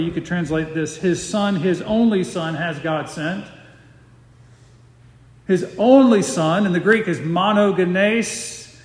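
A middle-aged man preaching an expository sermon, slowing down and repeating words to stress key phrases. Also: sits high. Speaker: pastor. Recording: roomy hall reverb.

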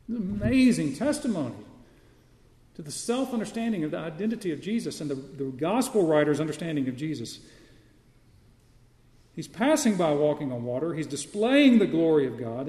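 A man's voice: on the high side, sing-song, moderate pace, dark tone. Man preaching in an echoey hall. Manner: teaching, asks the listeners questions. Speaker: pastor. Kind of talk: sermon.

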